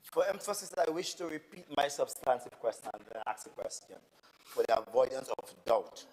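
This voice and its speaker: A man's voice: mid-range voice, lively intonation, brisk, darkish tone, big-room sound, poor audio. A man with a Tobagonian accent, an assemblyman arguing emphatically and repeating himself in a parliamentary debate. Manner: indignant, emphatic, repetitive. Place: legislative assembly chamber.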